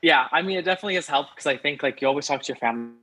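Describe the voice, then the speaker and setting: A man's voice: a little high, rapid-fire, pushed and bright, no echo, poor audio. A young man calling in to an advice show, rambling with lots of fillers. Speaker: caller. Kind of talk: casual phone-in chat.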